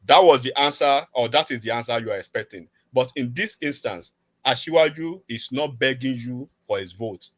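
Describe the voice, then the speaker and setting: A man's voice: mid-range voice, normal speed, hardly any pauses, no room sound. A man, arguing insistently on a heated panel debate and repeating himself to keep the floor.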